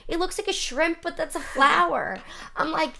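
A woman from the United States chatting casually as a podcast guest, animated and full of "like" and swearing. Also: very high voice, normal speed, gravelly, a crowd in the background. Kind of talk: casual chat.

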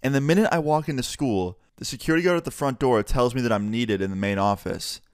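A man's voice: medium pitch, quick pace, clean tone, dry recording, clean studio sound. A young man casually telling a storytime about his school days, acting out the dialogue as he goes. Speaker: YouTuber. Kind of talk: storytime narration.

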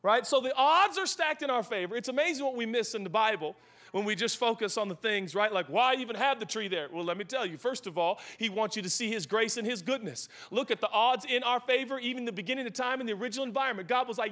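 A young man preaching a sermon as pastor, animated and joking, shouting for emphasis at times. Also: very high-pitched, fast talker.

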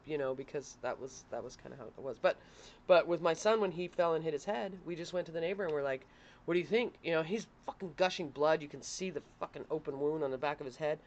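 A woman's voice: deep voice, fast talker, highs cut off. A woman co-hosting a casual chat, telling family stories bluntly and swearing freely. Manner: blunt, swears freely, laughs mid-story. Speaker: podcast co-host and parent.

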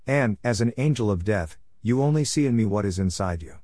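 A man's voice: on the low side, expressive, fairly quick, mellow, no room sound, clean studio sound. A man voicing a pompous angel of death. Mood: stern. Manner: stiff, correct, lecturing.

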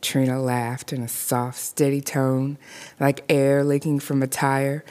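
A woman narrating a scripted horror story in a measured, deliberate way. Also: rumbling low, steady tone, darkish tone.

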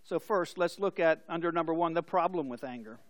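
A man with a high voice preaches a sermon, moving between scripture and lively stories whose people he acts out. The sound is dry and close. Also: brisk, no room sound. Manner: storytelling with acted-out voices. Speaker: pastor.

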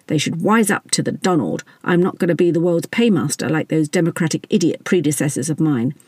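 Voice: mid-range voice, a little fast, darkish tone, breathy edge, no room sound, studio quality, close to an everyday voice. A narrator voicing a brash, boastful male politician who speaks in a dismissive, blustering way. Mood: scornful.

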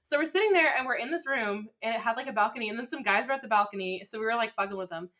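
A young woman chatting with friends, telling loud, profane stories with lots of laughter. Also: a little high, very fast. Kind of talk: casual chat among friends.

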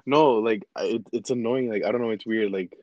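A young man with a somewhat low voice rambles as a podcast guest, full of "like"s and restarts. The recording is dry with no room sound. It is also a little dull and lo-fi. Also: fairly quick, darkish tone, no room sound. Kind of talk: casual chat.

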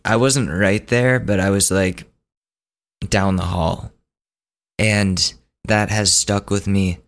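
A man's voice: low-pitched, fairly bright tone, smooth. Rambling young man hosting a podcast. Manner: rambling, self-correcting, acts out quotes. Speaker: podcast host. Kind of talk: casual solo podcast storytelling.

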